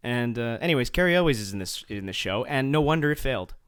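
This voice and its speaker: A man's voice: medium pitch, expressive, fast talker, a bit bright, clear, resonant tone. A man co-hosting a podcast, telling a long rambling story full of swearing and restarts. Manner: profane, rambling anecdote with many restarts. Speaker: podcast co-host. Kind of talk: casual podcast chat.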